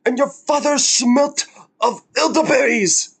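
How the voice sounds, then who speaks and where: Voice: high-pitched, slow pace, creaky, husky, voice pushed up, heavily acted. A jeering French guard hurls scornful insults from the battlements in a raised, mocking voice, as a reaction streamer puts him on. The tone is lifted well above the speaker's own register. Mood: taunting.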